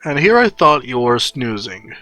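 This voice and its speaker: A man's voice: mid-range voice, sing-song, moderate pace, sharp tone, no room sound, soft background music. A man voicing a knowing male lecturer in a fan story reading, explaining in a lecturing way.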